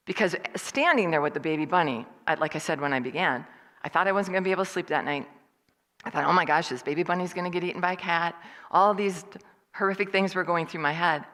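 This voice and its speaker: Low-voiced woman telling a story in a hall. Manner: lively storyteller who acts out other people's lines. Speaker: guest speaker at a church service. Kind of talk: personal storytelling talk. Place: church hall.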